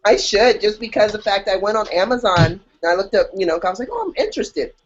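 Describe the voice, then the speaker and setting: A woman co-hosting a podcast in casual chat, animated and jokey, acting out her own reactions. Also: medium pitch, fast, a little hiss or hum. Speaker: podcast co-host. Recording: dull lo-fi audio.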